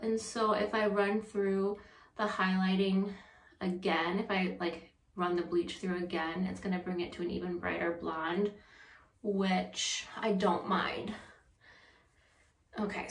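A woman chatting through a home how-to vlog, self-deprecating and laughing at herself. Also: medium pitch. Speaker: beauty vlogger. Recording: roomy echo, mic at a distance.

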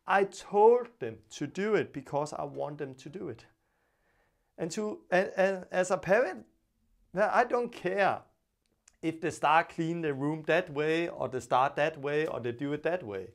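A man's voice: on the high side, measured pace, creaky. A man teaching a Bible lesson in earnest, repetitive English, often restarting and acting out quoted speakers. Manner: non-native English with frequent restarts.

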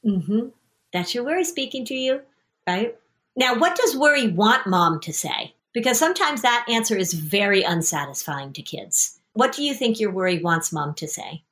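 A woman's voice: mid-range voice, moderate pace. A middle-aged woman therapist hosting a session, coaching a parent and child and telling stories with acted-out voices. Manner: lively storyteller, acts out scenes with voices. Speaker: anxiety therapist and podcast host.

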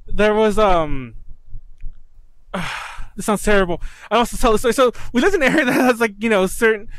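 A young man with a high, very lively voice that swoops up and down as he talks. He co-hosts a casual podcast chat, telling rambling stories full of swearing and laughter. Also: no echo, rough recording. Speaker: podcast co-host.

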